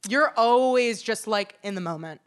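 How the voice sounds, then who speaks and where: Young female co-host with a smooth, clear voice; enthusiastic, casual delivery. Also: fairly high pitch, expressive, normal speed. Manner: upbeat, enthusiastic, laughs often. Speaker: podcast co-host. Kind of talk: casual chat.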